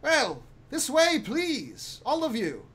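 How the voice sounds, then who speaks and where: A man's voice: extremely high pitch, wildly swooping pitch, slow, a bit bright, slightly rough, voice pushed up, full character voice. A man voicing a polite male servant who speaks formally and courteously.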